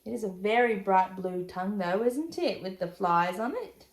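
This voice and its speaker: Expressive woman reading a picture book. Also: medium pitch, normal speed, echoey room. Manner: expressive, chatty asides to young listeners. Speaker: storybook reader. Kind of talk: children's picture book read-aloud.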